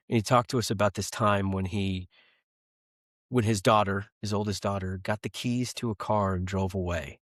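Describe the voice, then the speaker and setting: Earnest deep-voiced man in his thirties. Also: no room sound, studio quality. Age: 30s. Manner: earnest, speaks with conviction about faith. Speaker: podcast guest. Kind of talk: casual conversation.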